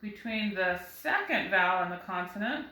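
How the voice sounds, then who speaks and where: A woman's voice: mid-range voice, expressive, moderate pace, sharp tone, reverberant, rough recording. A first grade teacher, a woman, giving a recorded phonics lesson, patiently sounding out words for young children.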